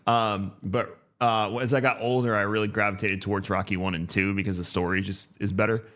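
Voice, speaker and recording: Low-voiced laid-back podcast co-host man. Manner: relaxed, halting with fillers. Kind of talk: casual podcast chat.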